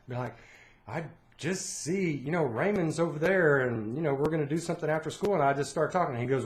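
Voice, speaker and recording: A middle-aged man co-hosting a podcast speaks in a fairly high voice, a little fast, during a casual chat. He tells stories with animation and acts out what people said.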